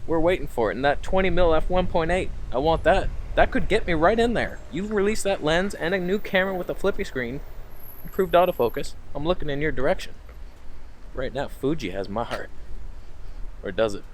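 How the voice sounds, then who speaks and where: A man's voice: a little high, expressive, a little fast, slight background noise. A man ranting sarcastically in a camera review vlog, swearing often, recorded outdoors.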